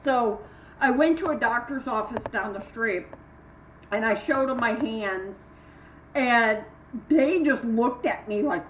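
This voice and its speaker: Chatty older woman in an echoey room. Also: slow. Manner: chatty, rambling, acts out quoted voices with sharp jumps in pitch. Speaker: vlogger. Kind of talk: casual chat and storytelling. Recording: echoey room, mic at a distance, faint hiss.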